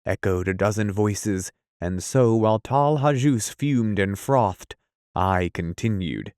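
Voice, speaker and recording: A man's voice: fairly low pitch, lively intonation, takes it slowly, a little mellow, clean tone, no room sound, studio quality. A man reading a classic adventure novel aloud as an audiobook, telling it steadily in the first person. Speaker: audiobook reader. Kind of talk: scripted storybook narration.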